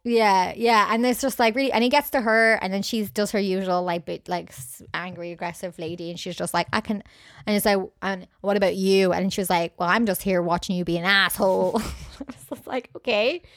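A young woman talks through a film in a casual, chatty way and slips into the characters' voices to retell scenes. Her pitch sits in a middle range for a woman. The recording is close and dry, with no room echo. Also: fairly even intonation, a little fast. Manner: chatty, recaps scenes while acting out characters' lines. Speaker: podcast co-host.

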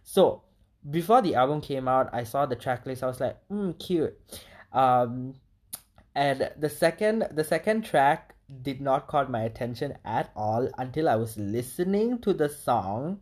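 A woman, casually reviewing an album, animated and swearing, breaking into short sung lyrics. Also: very deep voice, moderate pace. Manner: animated, swearing, sings lyric snippets, laughs often. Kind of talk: casual vlog chat.

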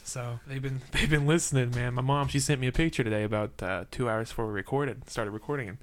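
A man's voice: mid-range voice, fairly even intonation, quick pace, few pauses. A man co-hosting a comedy podcast, telling a folksy family anecdote in casual chat. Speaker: podcast co-host.

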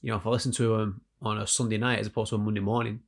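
Low gravelly co-host man. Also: very fast. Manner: relaxed, trails off, restarts. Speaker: podcast co-host. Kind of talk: casual podcast chat.

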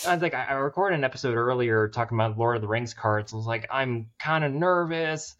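A man's voice: medium pitch, steady tone, very fast, a bit bright, muffled recording. A man guesting on a podcast, chatting casually in a rambling, self-deprecating way and laughing often. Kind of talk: casual chat.

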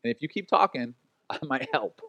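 A man's voice: a little high, sing-song, normal speed, gravelly, a bit bright, dry recording. A man preaching as a pastor in a casual, conversational way, acting out quotes and laughing at his own stories. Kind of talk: sermon.

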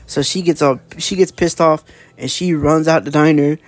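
A man with a slightly raised voice loosely retelling a story, stumbling through "um"s and restarts and tossing in casual curses. Faint music plays softly behind him. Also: a little high, steady tone, moderate pace, dry recording. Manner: rambling, full of fillers and restarts, casual swearing. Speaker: comic book reviewer. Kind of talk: casual comic plot recap.

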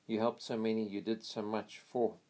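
A man's voice: on the low side, flat delivery, normal speed, dark tone, lightly acted. A man voicing a grieving North African man who speaks earnestly at a friend's grave. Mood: solemn.

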